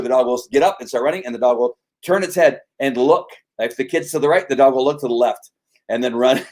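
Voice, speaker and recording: Middle-aged male dog trainer, mid pitch, chatty storyteller. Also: a little mellow. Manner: storytelling, frequent restarts. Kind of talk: casual conversational explanation.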